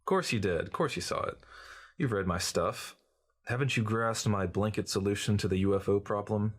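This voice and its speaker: A man's voice: fairly low pitch, moderate pace, husky. A man reading as a glib, cynical journalist who lectures breezily in an audiobook. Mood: lecturing. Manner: breezy, lecturing, know-it-all.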